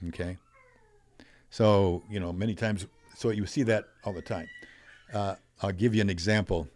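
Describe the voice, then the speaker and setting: Older man, animated storytelling guest. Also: fairly low pitch, normal speed. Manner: animated storyteller, acts out quoted voices. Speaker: podcast guest. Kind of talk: storytelling in a conversational interview.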